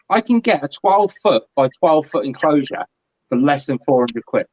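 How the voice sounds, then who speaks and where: Chatty guy on a video call, slightly high voice, muffled lo-fi audio. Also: normal speed, no room sound. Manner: chatty and animated. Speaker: guest. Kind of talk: casual live-stream chat.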